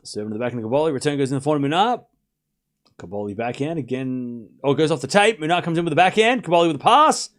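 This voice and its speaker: A man calling a tennis match live for his stream, excitable and chatty, chuckling between points. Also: medium pitch, fast. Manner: excitable play-by-play, chatty, laughs often. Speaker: streamer host. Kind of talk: live watchalong commentary.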